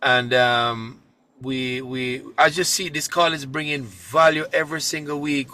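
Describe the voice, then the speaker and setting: A man's voice: medium pitch, fairly even intonation, unhurried, bright, forceful tone. A man co-hosting an online community call, enthusiastic and full of praise for the guest. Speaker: co-host.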